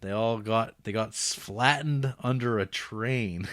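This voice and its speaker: A man co-hosting a film podcast, casually recapping a movie's plot and slipping into quick quoted voices for the characters. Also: on the low side, a bit bright, dry recording, studio quality. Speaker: podcast co-host. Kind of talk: casual film review chat.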